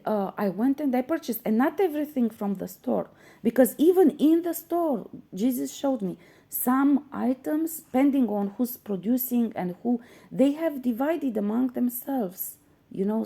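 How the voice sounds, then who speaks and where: Earnest woman with a gravelly, mellow voice. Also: fairly high pitch, expressive, a little slow. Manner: earnest, insistent, many fillers and restarts. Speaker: spiritual channel host. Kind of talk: spiritual teaching monologue.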